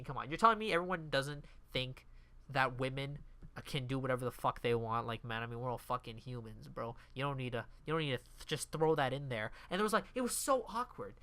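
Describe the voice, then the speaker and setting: A man's voice: a little high, bright, forceful tone, clear, resonant tone, no room sound. A man casually reviewing a movie in a profane, exasperated rant.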